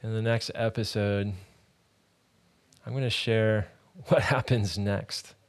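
A man hosting a ministry podcast, telling a personal faith testimony in an earnest, halting, conversational way. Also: on the low side, fairly even intonation.

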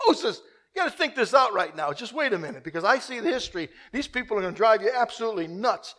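A man preaching a sermon, swinging from loud, urgent repeated questions to a hushed, quiet prayer. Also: high-pitched, expressive, fast.

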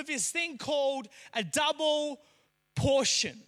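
High, bright-voiced male preacher. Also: normal speed. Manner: animated storytelling, rising to shouts. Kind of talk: sermon with a personal story.

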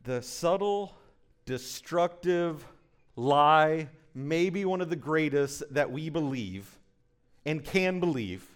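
A man in his thirties preaching a sermon as pastor, moving between slow, soft emphasis and quick, chatty storytelling with frequent asides to the congregation. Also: on the high side, expressive, clear, resonant tone. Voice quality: conversational with frequent "right?" asides.

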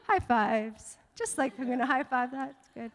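Woman pastor, high bright voice, lively preaching with playful asides, long church-hall echo. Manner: animated, playful asides to the congregation. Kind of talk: sermon. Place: church sanctuary.

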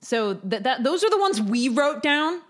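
A woman's voice: sits high, big pitch swings, normal speed. An American woman co-hosting a podcast, casual, jokey and self-deprecating. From United States. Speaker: podcast co-host. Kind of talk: casual chat.

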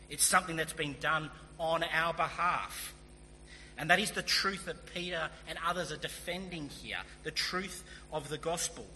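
A man's voice: on the high side, sharp tone. A man preaching a sermon as pastor, earnest and emphatic, with casual asides. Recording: long hall reverb, faint hum.

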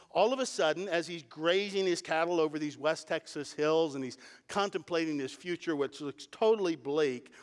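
A man pastor preaching a sermon, explaining verses and building to emphatic points. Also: long reverb tail. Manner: emphatic preaching, rising in pitch and volume at key points.

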